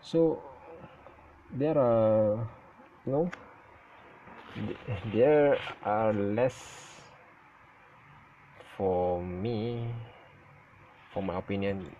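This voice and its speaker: A man whose first language is Malay talks very slowly in a low voice, halting and stuttering and often restarting his sentences. His casual vlog talk comes through on a dull, lo-fi home recording with faint ambient noise behind it. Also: warm tone. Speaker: vlogger. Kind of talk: casual spoken opinion recording.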